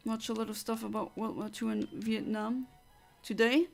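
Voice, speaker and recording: A woman's voice: on the high side, flat delivery, normal speed, gravelly, faint music behind. A woman from Luxembourg, chatting casually as a streamer and reading out viewer comments, reflective with frequent fillers and restarts.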